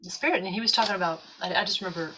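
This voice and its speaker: A woman talking as a guest on a chat show, telling a story in an animated way and acting out what people said. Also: lowish voice, racing, a little hiss or hum, rough recording. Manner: animated, acts out quotes.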